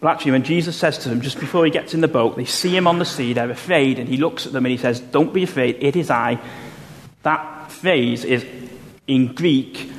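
A man preaching a sermon, explaining Bible passages in a measured way and slowing down to stress key phrases. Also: medium pitch. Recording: long hall reverb, faint room noise.

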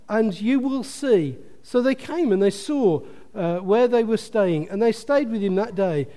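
A man preaching in a high voice that rings through a reverberant hall. He talks with lively emphasis and throws in joking asides to his congregation. The long echo trails after each phrase. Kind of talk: sermon.

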